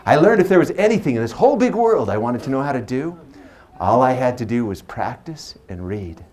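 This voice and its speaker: A man's voice: mid-range voice, big pitch swings, fairly quick, a little mellow. A man in his forties performing as a magician. He uses a stage microphone and mixes playful stories with teasing banter with his audience. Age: 40s. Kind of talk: live stage patter with storytelling.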